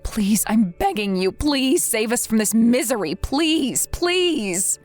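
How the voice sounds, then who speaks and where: A woman voices a worn-out young mother who pleads and apologizes, her voice a bit high with a lively lilt. Soft music sits under this text-message story. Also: moderate pace, close to an everyday voice. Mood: desperate. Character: exhausted desperate young mother. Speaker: daughter-in-law.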